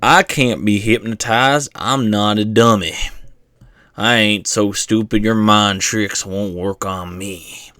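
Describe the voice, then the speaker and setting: A man's voice: fairly low pitch, fairly even intonation, slow, a bit bright, no room sound, clean studio sound. A man doing a drawling Southern skeptic. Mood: defiant. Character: stubborn boastful skeptic man who mocks hypnosis.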